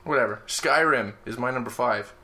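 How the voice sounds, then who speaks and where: A young man talks with his friends in a loose, excitable way, gushing over his favorites and swearing without a second thought. His voice has a bright edge to it, and a faint hiss sits underneath. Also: mid-range voice, moderate pace. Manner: excitable, swears freely, gushes about favorites. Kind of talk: casual chat among friends.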